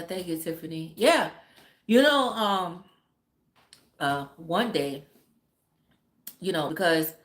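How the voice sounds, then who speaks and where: A woman's voice: lowish voice, fairly bright tone. A mother from a Caribbean family chatting casually on a livestream, blunt and profane and laughing often. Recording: roomy echo.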